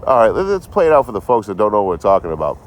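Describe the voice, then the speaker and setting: A man's voice: on the low side, sing-song, racing, slight background noise. A tipsy man casually chatting on a livestream from his phone, swearing often and trading sarcastic jokes with viewers. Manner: profane, sarcastic and rambling. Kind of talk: casual live-stream chat.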